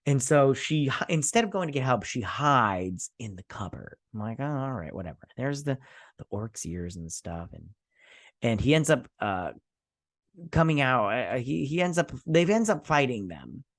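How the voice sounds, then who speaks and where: A man hosting a casual episode recap and review, talking fast and loose with crude, sarcastic asides and quick mocking impressions. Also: mid-range voice, big pitch swings, no echo, studio quality. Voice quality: crude, sarcastic retelling with mocking quoted voices. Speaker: host.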